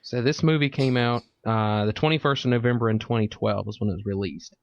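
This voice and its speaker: A man's voice: medium pitch, fairly quick, dry recording. A man hosting a casual podcast, chatting crudely and reading news articles aloud. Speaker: podcast host. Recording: dull lo-fi podcast mic.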